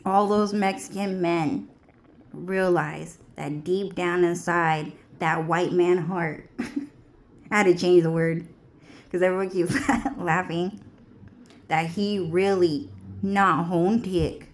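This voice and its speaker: A woman vlogger with a low voice rants at a crawling pace, swearing freely and looping back over her own phrases. Her delivery is rambling and repetitive, with drawn-out pauses. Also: fairly even intonation. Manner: profane, repetitive, drawling. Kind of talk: rambling monologue.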